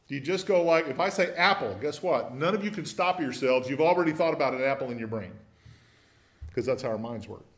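A man teaching a Bible study in a conversational way, often putting questions to his listeners. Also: fairly high pitch. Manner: asks the group many questions.

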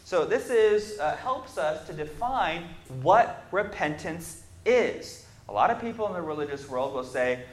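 A man preaching a Bible lesson, reading scripture aloud and then explaining it, building emphatic lists and pausing on fillers as he thinks. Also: high voice, expressive. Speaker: preacher teaching on repentance. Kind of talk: Bible class sermon. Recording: echoey room.

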